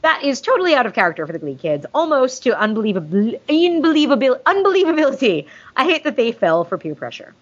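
Woman, podcast host, gushing casual chat, high-ish voice, muffled lo-fi sound. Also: very animated, fast talker, few pauses. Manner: gushing, chatty, jokey. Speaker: podcast host reading listener mail. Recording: dull lo-fi sound.

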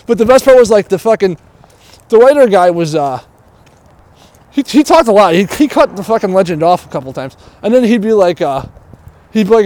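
A man's voice: sits high, expressive, fast, darkish tone. A man in casual chat, rambling through a story and swearing freely as he walks along a street. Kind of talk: casual chat while walking. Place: outdoors on a city street.

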